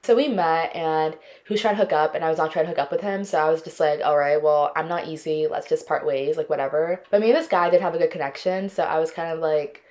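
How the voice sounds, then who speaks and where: A woman's voice: low-pitched, fast, hardly any pauses. A young woman in her twenties hosting a podcast, telling dating stories in casual chat and dramatically acting out the people in them. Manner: expressive, dramatic, acts out quotes. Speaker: podcast host.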